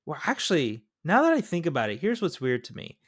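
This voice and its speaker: A man's voice: fairly high pitch, wildly swooping pitch, fairly quick, breathy edge, no echo, clean studio sound. A man co-hosting a casual podcast who questions and picks apart plot holes. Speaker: podcast co-host. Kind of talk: casual chat.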